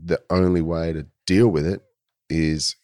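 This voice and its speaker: A man's voice: low voice, steady tone, unhurried, a little mellow, no room sound, studio quality. An Australian man in his forties, a guest telling stories in a laid-back, rambling way with plenty of fillers. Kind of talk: casual storytelling.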